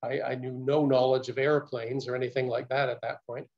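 An older man recounting his story as a guest speaker, earnest and measured, with small stammers. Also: medium pitch, level tone, a little mellow. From Canada. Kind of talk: personal storytelling talk. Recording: muffled lo-fi recording.

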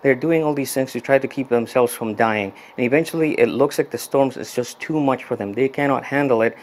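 A man's voice: medium pitch, fairly quick. A young adult man, a youth pastor, telling a story in a casual, conversational sermon. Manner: conversational storytelling, frequent restarts.

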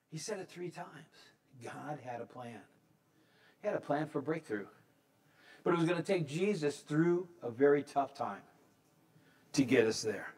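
A man in his sixties, a pastor preaching a conversational sermon, correcting himself as he goes and rising into high, excited emphasis. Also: normal speed, pauses often. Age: 60s.

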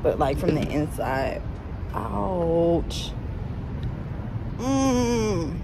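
Young woman, lowish voice, cussing a lot, phone vid w/ background hiss. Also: moderate pace. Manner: blunt, cusses freely, groans in pain. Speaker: vlogger. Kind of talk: casual confessional vlog. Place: car, then indoors at home. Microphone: phone camera. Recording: noisy phone recording.

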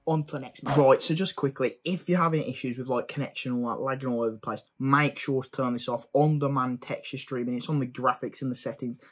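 A young man giving excitable live commentary over his own gameplay, cheering and swearing at the action. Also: mid-range voice, fast, hardly any pauses. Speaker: gaming YouTuber.

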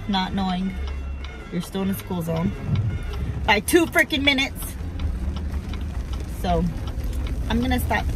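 A woman telling a story to the camera as a family vlogger, chatty and emotional, with some casual swearing, while she drives. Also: medium pitch. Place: in her car while driving.

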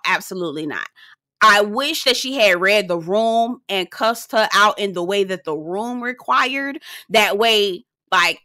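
A young adult woman giving a sassy, slang-filled casual recap of a reality show, breaking into high-pitched outbursts. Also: pushed and bright, no echo, studio quality.

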